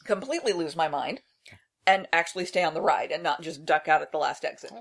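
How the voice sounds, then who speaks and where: A woman's voice: low-pitched, fairly quick. A woman chatting as a podcast guest, emphatic and dryly funny. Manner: emphatic, dry humor. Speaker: podcast guest, host's younger sister. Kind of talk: casual chat.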